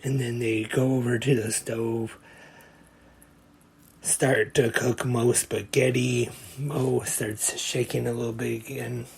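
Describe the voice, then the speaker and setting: A man's voice: medium pitch, little pitch movement, creaky, darkish tone, breathy edge. A man hosting a podcast, retelling a comedy short scene by scene in a plain, casual way. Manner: slow, plain play-by-play retelling. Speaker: podcast host.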